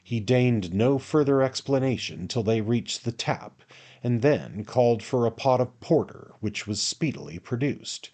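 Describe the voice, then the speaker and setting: A man reading a classic novel aloud as an audiobook narrator in a measured, unhurried way. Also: medium pitch, lively intonation, a little mellow. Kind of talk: scripted narration.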